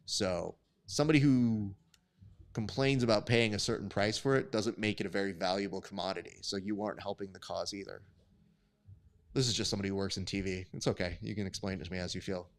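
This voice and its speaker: A man's voice: low-pitched, fairly even intonation, a little fast. A young man hosting a live stream, giving sport commentary in casual, chatty, profane banter. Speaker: host.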